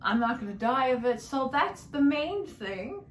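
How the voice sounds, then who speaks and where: A woman from New Jersey with a Jersey accent, telling stories in a casual, animated vlog and acting out both sides of conversations. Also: high voice, a little slow, reverberant. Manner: animated, swears, acts out quoted exchanges. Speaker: vlogger. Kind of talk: casual chatty storytelling.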